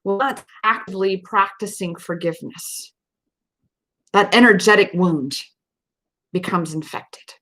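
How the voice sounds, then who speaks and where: Bright-voiced woman coaching on a live stream. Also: medium pitch, a little slow, long pauses. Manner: earnest, emphatic, with fillers and repetitions. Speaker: self-empowerment coach hosting a live stream. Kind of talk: casual live-stream talk.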